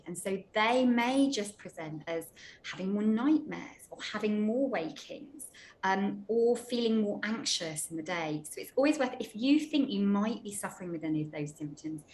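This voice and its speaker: A woman doctor explaining sleep problems in a clear, reassuring way, with some small restarts. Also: medium pitch, a little hiss or hum, rough recording. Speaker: menopause doctor. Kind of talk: explaining to a panel.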